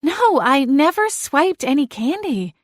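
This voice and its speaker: A woman's voice: high-pitched, very animated, measured pace, no room sound, studio quality, voice pushed up. A woman voicing a nervous, flustered young woman applying for a job, stammering her answers.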